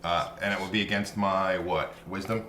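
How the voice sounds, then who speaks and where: Low-voiced man playing a tabletop game. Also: flat delivery. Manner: chatty, quick to laugh. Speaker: player. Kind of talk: casual tabletop game chat. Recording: echoey room with clear background noise.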